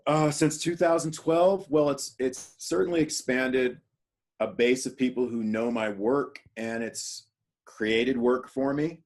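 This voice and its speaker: Animated, laughing man telling stories. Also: medium pitch, slow pace. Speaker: guest actor. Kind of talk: casual podcast storytelling.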